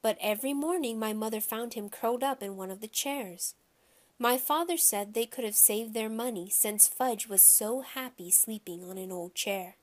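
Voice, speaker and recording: A woman narrating a children's audiobook in a lively first-person storytelling voice. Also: on the high side, moderate pace.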